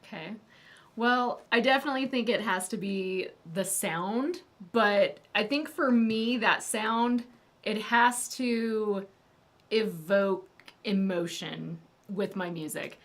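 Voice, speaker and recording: A woman's voice: mid-range voice, slow pace. Giggly woman chatting on a livestream. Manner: giggly and thoughtful. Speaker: guest and co-host. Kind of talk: casual livestream chat.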